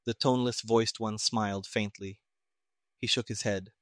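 A man narrating an audiobook in a steady, plain storytelling manner. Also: on the low side, normal speed, no echo, studio quality.

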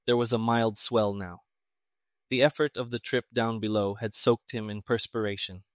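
A man narrating an audiobook in a steady, even storytelling manner. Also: lowish voice, normal speed, no room sound, studio quality.

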